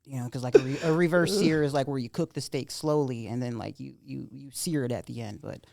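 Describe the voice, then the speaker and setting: A man's voice: medium pitch, fairly even intonation, brisk, creaky, a little mellow, dry recording, studio quality. A man talking as a podcast guest in a casual chat, rambling, swearing constantly and filling his talk with "like".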